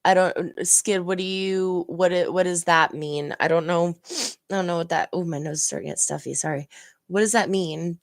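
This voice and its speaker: A woman chats casually on her stream, answering her viewers and wandering from one thought to the next. Her voice sits fairly low. It is recorded close and dry, with almost no room sound, and she laughs easily as she goes. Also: normal speed, dry recording. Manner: chatty, rambling, animated, laughs often. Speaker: reaction streamer. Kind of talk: casual chat reading live chat.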